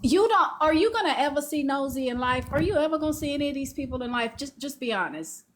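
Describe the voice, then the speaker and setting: High-voiced woman on a live stream, kinda hesitant, faint noise behind. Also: animated, fast, a bit bright. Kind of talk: livestream panel talk.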